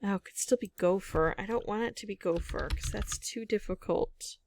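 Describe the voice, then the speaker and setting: Musing over her guesses, a woman thinks aloud while playing a word game alone in casual commentary. Her mid-range voice moves at a normal speed and sounds a little mellow, with slight hiss or hum in the background.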